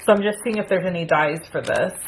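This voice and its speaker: A middle-aged woman casually chatting through a crafting unboxing, excitable and gasping at pretty pieces. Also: lowish voice, quick pace, a little hiss or hum. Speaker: crafting channel host.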